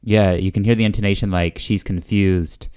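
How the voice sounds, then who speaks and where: Low-voiced man musing hesitantly. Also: steady tone, moderate pace, warm tone, clean tone. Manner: hesitant, full of fillers and guesses. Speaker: language learner hosting a video series. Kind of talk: casual thinking-aloud commentary.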